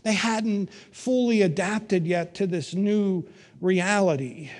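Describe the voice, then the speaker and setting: A middle-aged man preaching a sermon, telling stories with wry humor and emphatic pauses. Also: high voice. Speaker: pastor.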